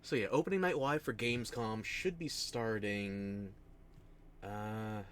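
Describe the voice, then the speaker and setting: A man's voice: fairly low pitch, a little slow, fairly bright tone, a little hiss or hum. A man from the United States with a New Jersey accent, chatting casually on a stream and telling self-mocking stories with frequent laughs.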